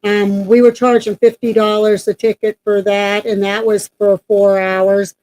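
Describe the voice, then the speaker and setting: A woman talks in a loose, rambling way, full of ums and restarts. Her voice is mellow and dark, set at an ordinary pitch for a woman. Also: level tone, measured pace, rough recording. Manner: chatty, rambling with many fillers. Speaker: paranormal team member and co-host. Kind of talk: casual announcement chat.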